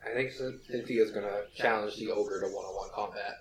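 A man's voice: on the low side, fairly even intonation, a little fast. A man joking around as a player in a tabletop game, with playful, eager quips. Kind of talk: casual tabletop game chat. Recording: echoey room with loud noise.

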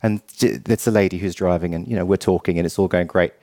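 A man's voice: deep voice, steady tone, quick pace, mellow, no room sound, clean studio sound. A man from England, his English accent faded, co-hosting a podcast and telling a rambling story with restarts. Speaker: podcast co-host. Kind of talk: casual chat.

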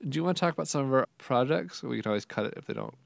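Gravelly-voiced man podcast host. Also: mid-range voice, expressive, racing, no room sound. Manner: playful, jokey asides. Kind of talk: casual podcast chat.

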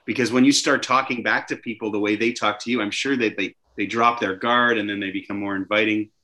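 A man from Canada hosting a talk show, chatting in a lively way with frequent restarts. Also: on the low side, fairly quick. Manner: animated, chatty, many restarts. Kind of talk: casual conversation.

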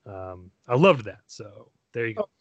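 A man's voice: lowish voice, big pitch swings, unhurried, no echo, highs cut off. A man hosting a podcast, talking enthusiastically and rambling, with frequent restarts and self-deprecating asides. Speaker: podcast host. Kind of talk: casual podcast chat.

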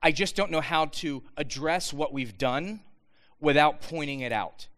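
Earnest man with a smooth higher voice. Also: measured pace. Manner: earnest, animated, with many restarts. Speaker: speaker addressing students. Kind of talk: inspirational talk to students.

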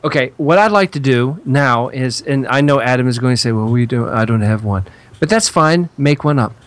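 A man's voice: medium pitch, expressive, moderate pace, dry recording. A man co-hosting a casual podcast, chatty and teasing as he puts questions to the others. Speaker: podcast co-host. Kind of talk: casual crude podcast banter.

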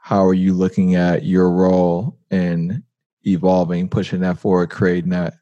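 A man hosting a podcast interview in a casual, relaxed way, with halting phrasing, fillers and slang. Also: sits low, no echo, lo-fi sound. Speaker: podcast host.

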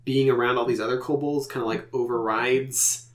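A man's voice: medium pitch, fairly even intonation, moderate pace. A man narrating a tabletop game as game master, rambling with many fillers.

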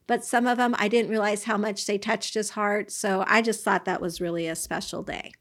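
A woman's voice: medium pitch, steady tone, normal speed. A woman co-hosting a podcast in casual chat, sometimes searching for words. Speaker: podcast co-host.

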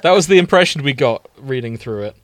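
A man hosting a casual chat podcast, easygoing and quick to laugh while he sets up a reading. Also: medium pitch, lively intonation, no echo. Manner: easygoing, giggly, organizing the reading. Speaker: podcast host.

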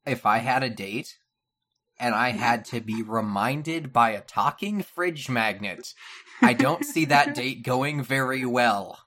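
A man's voice: mid-range voice, expressive, slow, bright, forceful tone. A man co-hosting a casual podcast, making dry, skeptical comments about the product. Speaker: podcast co-host.

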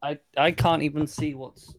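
A man's voice: a little high, level tone, normal speed, no room sound. A man co-hosting a casual podcast, chiming in with dry teasing remarks. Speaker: podcast co-host. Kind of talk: casual chat.

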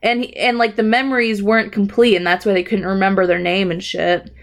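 A young woman chats loosely about a show, stringing the story together with "like" and "um". Her voice sits at an ordinary middle pitch. She sounds offhand and profane. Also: level tone, brisk. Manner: rambling, profane storytelling with frequent fillers. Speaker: podcast co-host recapping a TV episode. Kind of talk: casual chat.

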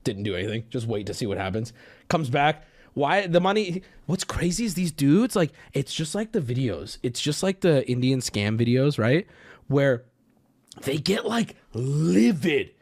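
A man's voice: mid-range voice, very animated, normal speed, darkish tone. A man in his thirties telling casual stories on his stream, swearing and laughing at himself.

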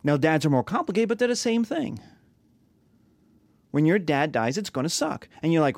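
A man's voice: fairly high pitch, sing-song, moderate pace, long pauses, dry recording. A man teaching a class, talking casually with rhetorical questions and acted-out quotes. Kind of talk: classroom lecture.

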